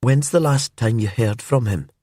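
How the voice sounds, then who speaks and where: A man voicing a brooding older woman from a remote island in a calm storybook crime tale, speaking softly and hesitantly in a lifted voice. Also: medium pitch, moderate pace, no echo, studio quality, natural voice. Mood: insistent.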